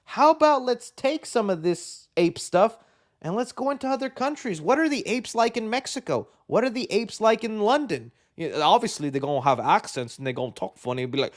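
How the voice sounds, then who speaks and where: An excitable man rambling through a casual live-stream chat, his voice sitting a bit high. He piles on fillers and restarts as he hosts. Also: a little fast. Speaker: host of a movie news live show.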